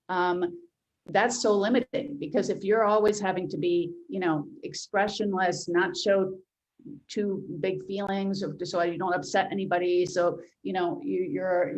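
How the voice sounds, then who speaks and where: A woman's voice: lowish voice, low-quality recording. A middle-aged woman hosting an interview, speaking reflectively and personally with a casual, searching manner. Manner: reflective, personal, many fillers. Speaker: podcast host.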